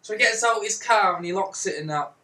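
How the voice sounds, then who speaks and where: A man's voice: high-pitched, fairly quick, pushed and bright. A man telling a comic story in a rambling way, slipping into mock-old-fashioned peasant talk. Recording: roomy, distant mic.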